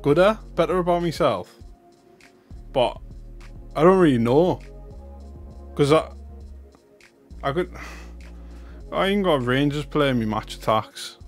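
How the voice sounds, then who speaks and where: A man's voice: a little high, lively intonation, slow, long pauses, soft background music. A young man with a North East English accent, chatting glumly and mocking himself as he opens cards for viewers on a livestream. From North East England. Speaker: card-opening streamer. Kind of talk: casual livestream chat.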